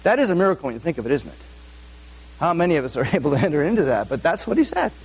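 A man's voice: a little high, big pitch swings, rapid-fire, husky. A male pastor giving a conversational sermon, often asking the audience questions. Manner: asks the audience frequent questions; informal, with many fillers and restarts.

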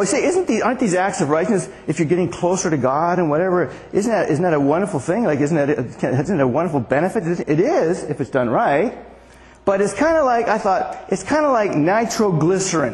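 A man's voice: high voice, a little mellow, in a large hall. An older man giving a conversational sermon as pastor, often asking the congregation questions. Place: church.

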